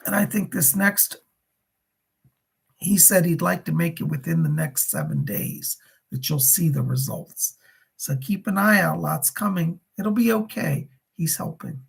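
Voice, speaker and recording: Man, psychic medium on a livestream, gravelly and husky, lively pitch, relays spirit messages. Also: measured pace. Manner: relays spirit messages, thanks donors by name. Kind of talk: live streamed psychic readings.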